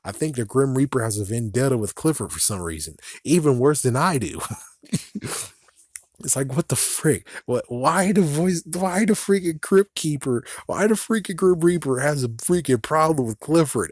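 A man's voice: medium pitch, expressive, moderate pace, dry recording, clean studio sound. A man giving a rambling casual video commentary, joking, giggling and ranting with mild swearing. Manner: giggly, swears mildly, rants and jokes. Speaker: video reviewer.

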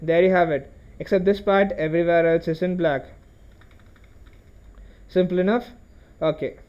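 A man talks through a coding tutorial in a high voice. He explains one step at a time, says okay often and restarts his phrases. The recording sounds dull and lo-fi. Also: steady tone, moderate pace. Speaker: programming tutorial host. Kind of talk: screen-recorded coding lesson.

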